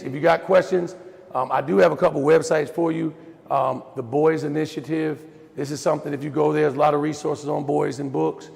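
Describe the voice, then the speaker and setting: A middle-aged man tells stories in a folksy, lively way and speaks straight to his audience. His voice is heavily gravelly and sits a little high for a man. He comes through a video call with a long, echoey reverb. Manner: folksy, animated storyteller addressing the audience as y'all. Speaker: guest speaker on raising boys. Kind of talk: storytelling talk in a virtual Q&A.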